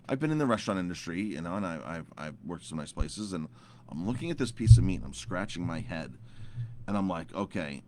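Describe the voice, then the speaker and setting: A deep-voiced man in his thirties, a chef, tells a long story to camera in a loose, rambling way. He often stumbles over repeated words and fillers as he goes. A faint hum of room sound sits behind him. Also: animated, fairly quick, a little mellow.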